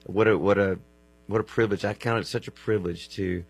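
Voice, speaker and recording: A man's voice: fairly low pitch, fairly even intonation, fairly quick, creaky, breathy edge. A man, telling earnest stories as a guest and often restarting his phrases. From Texas. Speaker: worship musician guest. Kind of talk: casual storytelling.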